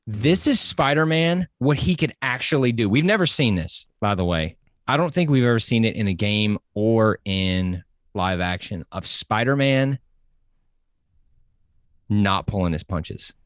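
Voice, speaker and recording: A man chatting excitedly on a podcast, full of enthusiasm and rushing from point to point with many fillers. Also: medium pitch, no echo, studio quality. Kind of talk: casual podcast chat.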